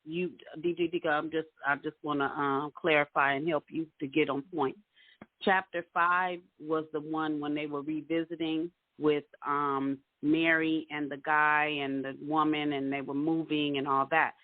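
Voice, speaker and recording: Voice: mid-range voice, level tone, moderate pace, no echo. A co-host of a book discussion who steps in to correct and clarify details for listeners. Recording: tinny dry phone line.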